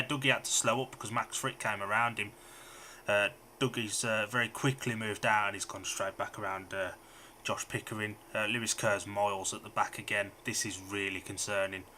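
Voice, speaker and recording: A man's voice: mid-range voice, pushed and bright, a little hiss or hum. Chatty man calling speedway action. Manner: rapid, chatty play-by-play with frequent fillers. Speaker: speedway watch-along host. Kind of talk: live race commentary.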